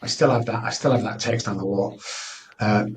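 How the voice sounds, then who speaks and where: A man's voice: on the low side, a little fast, distant mic, a little hiss or hum, rough recording. Candid middle-aged man. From Manchester, England. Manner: earnest, candid, frequent restarts. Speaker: guest. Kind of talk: personal storytelling interview.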